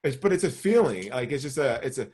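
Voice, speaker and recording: A man's voice: mid-range voice, sing-song, fast, darkish tone, husky. Rambling, cursing man telling stories. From New York area. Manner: profane, rambling storytelling with many restarts. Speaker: podcast co-host. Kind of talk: casual chat.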